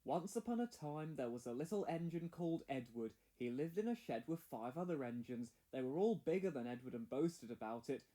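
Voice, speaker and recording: A man narrating a children's railway story as a read-along, in a clear, measured way. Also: medium pitch, lively intonation, dark tone. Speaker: storybook reader.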